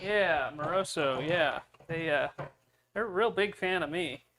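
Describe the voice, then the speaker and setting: A man's voice: fairly high pitch, a little slow, background noise. A man hosting a car-building video, telling a story casually with lots of fillers and chuckles. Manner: rambling, with frequent fillers and chuckles.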